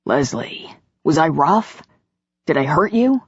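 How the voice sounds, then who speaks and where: A woman doing a soothing, low-voiced lover. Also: very animated, slow, breathy edge, dry recording, exaggerated voice. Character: gentle, reassuring grown man, lover. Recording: dull lo-fi audiobook recording.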